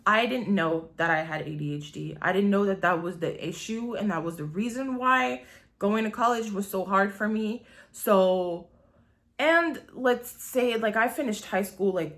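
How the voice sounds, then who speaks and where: A woman's voice: medium pitch, a bit bright. A woman, telling her own story in a candid, rambling vlog, swearing freely and filling her talk with "like". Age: 20s. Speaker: vlogger. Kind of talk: casual confessional storytelling.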